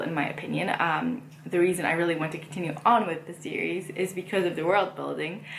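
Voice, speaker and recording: A woman's voice: lowish voice, roomy sound, a little hiss or hum. A woman chatting casually about books she read and plans to read, rambling with frequent fillers. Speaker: book vlogger. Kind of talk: casual book chat.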